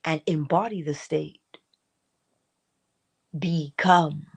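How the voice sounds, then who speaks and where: Woman, middle-aged, motivational host, lower voice, expressive swings, repeating exhortations. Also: creaky, slightly rough. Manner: expressive, swings between high acted asides and low soft remarks; repeats and exhorts, drawn-out emphasis. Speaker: host of a morning inspiration stream. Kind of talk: spiritual motivational talk.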